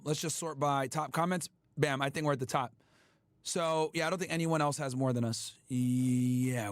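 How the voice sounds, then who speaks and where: A man hosting a livestream, ranting at his chat in a loud, profane, emphatic way. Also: medium pitch, no echo. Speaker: livestream host. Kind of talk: casual livestream rant.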